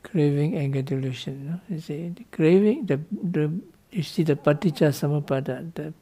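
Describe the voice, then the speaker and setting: A man's voice: a little high, normal speed, warm tone, husky. A man, a Buddhist monk, giving a dharma talk to students in loose, non-native English, asking "no?" to check understanding and laughing lightly. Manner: loose, playful teaching with frequent tag questions like "no?" and small laughs.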